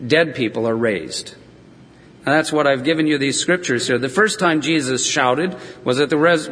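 Husky male preacher in a reverberant hall. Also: on the high side, a bit bright. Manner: storytelling, acts out voices of scripture figures. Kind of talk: sermon. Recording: long reverb of a large hall.

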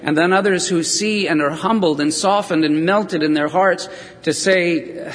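A man's voice: high-pitched, measured pace, a bit bright. A man preaching a sermon, telling scripture stories and briefly acting out the voices of the people in them. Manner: storytelling, acts out voices of scripture figures. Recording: long reverb of a large hall.

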